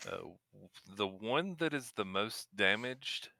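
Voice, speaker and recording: A man runs a tabletop game, describing the scene in a slow, measured way. His voice is low, bright and smooth, and it sits close and dry. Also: expressive. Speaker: game master.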